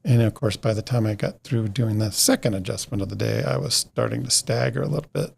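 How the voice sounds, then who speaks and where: A middle-aged man with a gravelly, creaky voice, chatting as a guest on a podcast. His story rambles and doubles back, and he slips in the back-and-forth of every conversation as he retells it. His voice sits at an everyday pitch for a man. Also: brisk, darkish tone. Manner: rambling, re-enacts conversations by quoting others. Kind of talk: casual storytelling interview.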